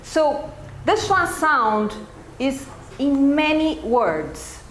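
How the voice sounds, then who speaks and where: A Brazilian woman, a native Portuguese speaker with a Brazilian Portuguese accent, runs a live pronunciation workshop for teachers, asking "okay?" after every point. As a teacher trainer, she speaks in a high, very animated, fairly bright voice, stretching out her words. She presents in an event room with an audience, and the echoey space carries faint background noise.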